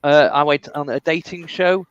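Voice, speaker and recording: A man's voice: a little high, steady tone, moderate pace, clean tone, dry recording, lo-fi sound. A man hosting a comedy showcase, chatting hesitantly between acts with many ums and laughing at his own jokes. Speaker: comedy show host. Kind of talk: comedy compering.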